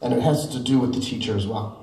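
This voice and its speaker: A man's voice: medium pitch, fast talker, warm tone, a little hiss or hum. A middle-aged man giving a keynote speech, chatty and self-deprecating, telling stories with lots of asides. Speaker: keynote speaker. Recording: echoey hall, mic at a distance.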